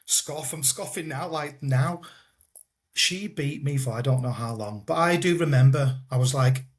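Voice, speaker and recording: Man, guest, personal story, halting delivery with repeats and soft trailing endings. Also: mid-range voice. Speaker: guest telling his life story. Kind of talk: personal storytelling in a podcast interview.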